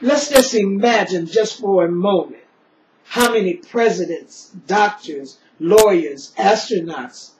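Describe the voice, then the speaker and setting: A woman's voice: medium pitch, takes it slowly, noisy background. Grieving middle-aged woman reciting a poem. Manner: solemn, grieving, refrain-driven recitation. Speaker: poet. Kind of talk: spoken-word poetry recital. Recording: roomy, dull lo-fi recording.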